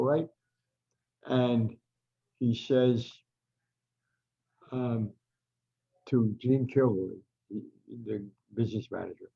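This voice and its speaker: A man's voice: mid-range voice, slow pace, vocal fry, pauses often, breathy edge, dull audio. An older American man, a veteran writer, telling rambling anecdotes as a podcast guest, with an American accent. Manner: rambling anecdotal storyteller, frequent restarts. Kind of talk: storytelling interview.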